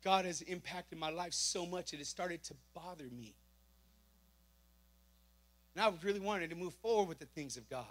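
A man giving a spoken testimony to a congregation, telling an animated story and acting out the dialogue himself. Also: sits high, moderate pace, long pauses. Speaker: church member giving testimony.

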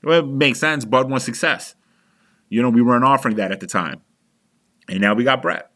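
A young adult man vents as an angry fan on his sports podcast. His voice is bright and forceful at a middle pitch. He sounds heated and profane and keeps restarting his sentences. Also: animated, a little fast.

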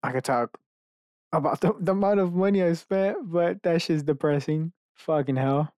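In a solo bedroom podcast, a man rants aimlessly from idea to idea, dropping profanity and jokes at his own expense. His voice sits a little high yet sounds darkish, and his pace is moderate. There's no room sound, just clean studio audio.

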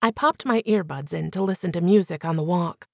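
A woman reading a first-person novel aloud as an audiobook narrator with clear, even storytelling. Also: on the low side, fairly quick, dry recording, clean studio sound.

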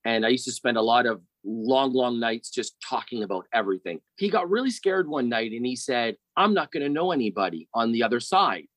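A middle-aged man telling a personal story in casual conversation, animated and often repeating words as he starts a sentence. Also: medium pitch, a little fast, few pauses, no echo, low-quality recording.

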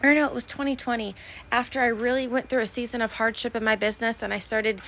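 A woman's voice: on the high side, level tone, fast, fairly bright tone. A woman hosting a faith-based motivational podcast, speaking fervently and emotionally and calling her listeners honey and friend. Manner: emotional, voice wavering toward tears at times. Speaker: podcast host.

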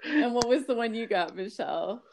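A woman co-hosting a casual podcast conversation, earnest and quick to laugh. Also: a little high, expressive, darkish tone. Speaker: podcast co-host.

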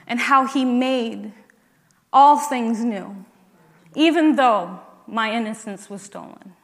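A woman's voice: fairly high pitch, vocal fry, fairly bright tone, big-room sound. A woman giving a personal faith testimony in an earnest way, building up to emphatic declarations.

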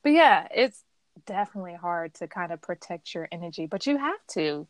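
A woman hosting a podcast, in a relaxed, chatty conversational manner. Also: lowish voice, normal speed, no echo. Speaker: podcast host. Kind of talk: casual chat.

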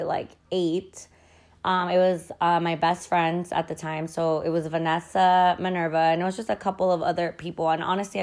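A young woman hosting a podcast, telling a childhood story in a casual, chatty way, full of fillers and quoted dialogue, with casual swearing. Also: lowish voice. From Mexican-American family. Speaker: podcast host.

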